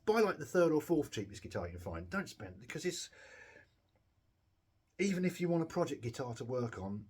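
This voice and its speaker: A mid-range, sing-song voice, fairly quick and darkish with a breathy edge, belongs to a guitar repair vlogger fixing a cheap guitar. Against background guitar playing he rambles, swears and teases himself, sounding tired and giddy.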